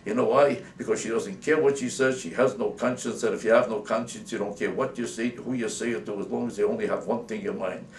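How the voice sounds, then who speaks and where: A man's voice: lowish voice, fairly even intonation. Male comedian, sarcastic rant, roomy room sound, mic set back. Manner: indignant, rapid-fire, sarcastic. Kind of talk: comic rant to camera. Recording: roomy, distant mic, faint hiss.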